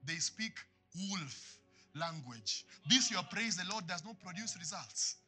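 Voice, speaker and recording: A man preaching a sermon in church, swinging from loud passionate lines to hushed ones. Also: high-pitched, lively intonation, unhurried, soft background music. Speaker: pastor.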